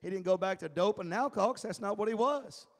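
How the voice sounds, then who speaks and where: A high-pitched man preaching to an adult Bible class, emphatic and often chuckling. He drops to a hush, then builds toward shouting. His voice carries a long reverb from a church hall. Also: fast. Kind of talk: sermon-style Bible teaching.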